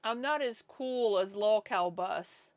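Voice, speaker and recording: A woman's voice: medium pitch, slow, dry recording. A woman hosting a casual reaction livestream, talking bluntly and sarcastically and swearing freely. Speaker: livestream commentary host.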